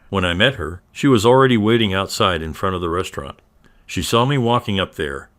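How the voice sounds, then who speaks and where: A man narrating a first-person story in a steady, even reading style. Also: deep voice.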